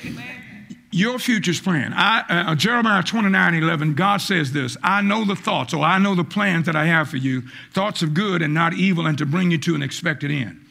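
Gravelly high-pitched preacher man. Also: normal speed. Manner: fiery call-and-response preaching, rising to shouts; acts out quoted voices, stammers on repeated words. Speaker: pastor. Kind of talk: sermon.

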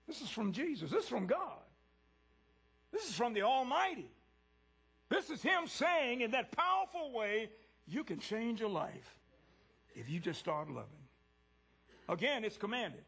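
A husky-voiced man preaches to his congregation in church, very animated yet slow, with long pauses. His delivery swings between loud peaks and hushed lows as he addresses the people in the pews directly.

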